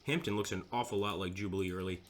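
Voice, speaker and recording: A man's voice: sits low, fairly even intonation, quick pace, slight background noise. A man giving casual, chatty commentary over a strategy game, mocking himself now and then.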